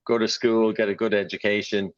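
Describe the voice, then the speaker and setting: Mild Irish-accented man, low, muffled line. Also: flat delivery, a little fast. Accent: mild Irish, softened by Australian and English. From Ireland. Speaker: guest, sales professional. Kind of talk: conversational podcast interview.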